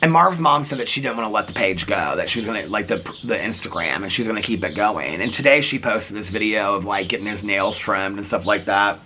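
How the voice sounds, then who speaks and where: A man's voice: lowish voice, fairly quick, few pauses, noisy background. A middle-aged man vlogging casually in a chatty, rambling way, often laughing. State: out of breath. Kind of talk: casual vlog chat.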